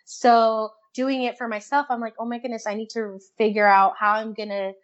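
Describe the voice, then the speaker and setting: A young woman in casual interview chat, talking fast and loosely, laughing often and acting out her own thoughts. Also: a little high, level tone, lo-fi sound. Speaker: guest.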